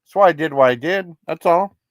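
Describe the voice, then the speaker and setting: A man's voice: fairly high pitch, a little fast, dry recording, studio quality. A man hosting a livestream, chatting casually with viewers in a rambling, apologetic, reassuring way. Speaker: livestream host.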